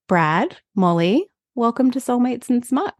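A woman's voice: on the high side, expressive, measured pace, no room sound. A woman hosting a podcast, chatty and giggling often between points. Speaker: podcast host. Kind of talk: casual podcast chat.

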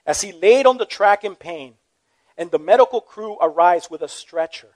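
A man's voice: high voice, expressive, normal speed. A man preaching a sermon as a pastor, telling a story in an earnest, emphatic way.

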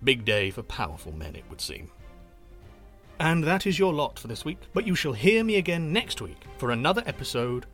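A man's voice: mid-range voice, big pitch swings, moderate pace, fairly bright tone, faint music behind. A man hosting a history podcast, reading a scripted outro in a dry, wry manner. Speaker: podcast host.

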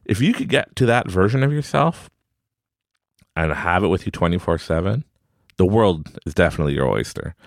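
A man's voice: low voice, animated, moderate pace, no echo, studio quality. A man in his forties hosting a podcast, giving a rambling, upbeat motivational talk and laughing often. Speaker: podcast host.

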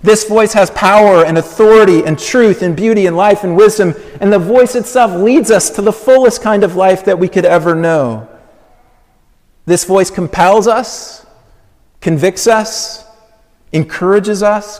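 A man preaching a sermon, measured and emphatic, building with slow repeated phrases. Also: high-pitched, darkish tone. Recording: long hall reverb.

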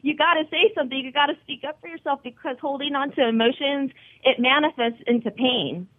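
Over a tinny phone line, a wellness site founder speaking as a guest shares her personal experience in an earnest, encouraging way. She talks fairly quickly, with a voice that sits high.

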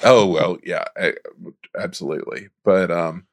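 A man chats casually as a podcast co-host, rambling a little as he talks about a film. His voice is on the low side. The recording is dry and close. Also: fairly even intonation, measured pace, no echo.

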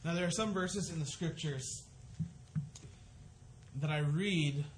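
A man's voice: a little high, slow pace, a little hiss or hum. A man preaching a sermon, earnest and conversational, often restarting his sentences as he works through a scripture passage. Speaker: pastor.

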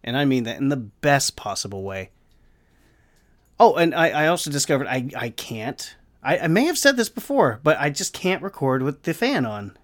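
Casual male podcast host doing a solo rant; animated delivery, lots of pitch movement, rambling. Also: moderate pace. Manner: rambling, animated, swearing, self-deprecating. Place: home room with the fan off.

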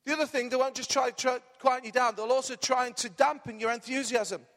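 A man preaching a lively sermon as pastor, his voice strained, calling the congregation to repeat words back. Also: extremely high pitch, a little fast, in a large hall. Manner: energetic, animated preaching with call-and-response.

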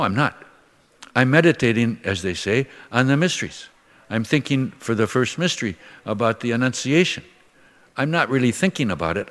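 In a sermon built on storytelling, an older man who is a priest from Minnesota, USA, speaks in a folksy, conversational manner and performs the voices in his tales. The voice is mid-range and a bit bright, with a long reverb tail.

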